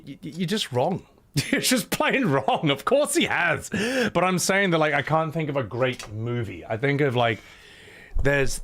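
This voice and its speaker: A man's voice: mid-range voice, fairly bright tone. A man streaming live, chatting casually with his viewers, swearing and laughing as he reacts to their comments.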